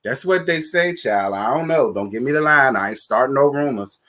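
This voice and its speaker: Man, live-stream host, sassy, profane, blunt, casual chat, medium pitch. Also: normal speed. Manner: sassy, blunt and profane, with lively shout-outs.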